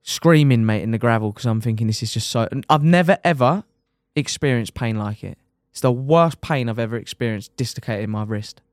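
A young man, a motorcycle racer telling his injury story on a podcast in lively, casual talk, swearing and dropping "mate" often. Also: fairly low pitch, a little fast, hardly any pauses, no room sound, clean studio sound.

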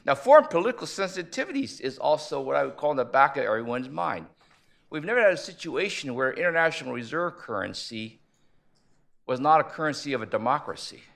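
A man speaking at a conference panel, measured and analytical, posing rhetorical questions as he lays out his argument. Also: on the high side, very animated, vocal fry, a bit bright. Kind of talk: conference presentation.

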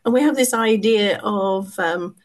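A hoarse woman historian, a podcast guest, answering in an earnest, explanatory way. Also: medium pitch, a little slow. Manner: earnest, explanatory, with small laughs. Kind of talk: interview answers.

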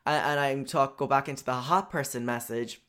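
A man's voice: medium pitch, normal speed, fairly bright tone. A young man casually telling a personal story, chatty and profane, with lots of filler words.

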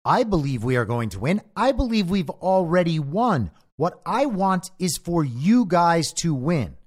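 Animated, sarcastic male podcast host. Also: unhurried. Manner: animated and sarcastic, with lively shifts in pitch. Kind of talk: political commentary monologue.

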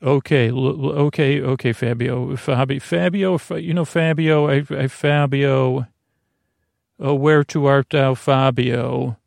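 A man's voice: medium pitch, steady tone, unhurried, creaky, darkish tone, no room sound, studio quality. A man voicing a pampered socialite woman prisoner who talks in a sleepy, fussy, rambling way. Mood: drowsy fussing.

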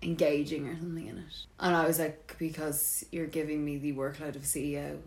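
A woman's voice: deep voice, fairly quick. A young Irish woman co-hosting a podcast, telling work stories in casual chat and acting out what people said. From Ireland. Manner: animated storytelling, acting out quotes. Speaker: podcast co-host.

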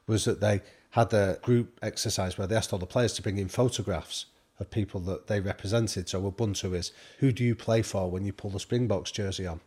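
Husky low-voiced British man telling stories. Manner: animated anecdote-telling with quoted speech. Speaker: podcast guest. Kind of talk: storytelling in conversation.

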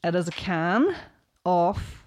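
Low-pitched woman in casual chat. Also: very animated, slow. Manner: chatty, laughs often, spells words out. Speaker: podcast co-host.

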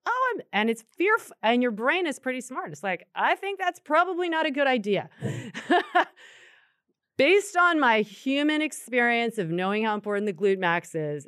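A woman co-hosting a yoga talk, explaining anatomy in a chatty, animated way. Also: medium pitch, clean tone, dry recording, clean studio sound. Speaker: yoga co-host answering questions. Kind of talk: casual podcast chat.

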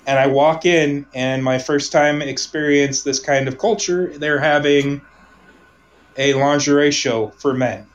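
A man from Omaha telling a personal story in casual conversation, rambling, restarting sentences and trailing off softly. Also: on the high side, measured pace, lo-fi sound.

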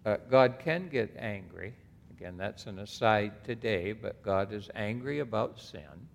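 A man's voice: fairly low pitch, expressive, measured pace, creaky. A man preaching a sermon as pastor, reading scripture aloud and breaking off into emphatic asides. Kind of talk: expository sermon. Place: church sanctuary. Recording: long hall reverb.

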